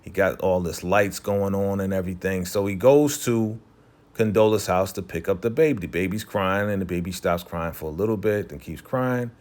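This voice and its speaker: A man's voice: low voice, moderate pace, darkish tone. Chatty man recapping a TV episode. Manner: loose and chatty, heavy on "you know" and "right?"; briefly voices characters while retelling scenes. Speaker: TV recap host.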